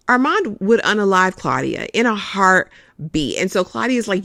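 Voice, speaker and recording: A host giving a casual, expressive recap of a TV episode, calling listeners "honey" as they go. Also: mid-range voice, moderate pace, vocal fry, hardly any pauses, no echo, clean studio sound.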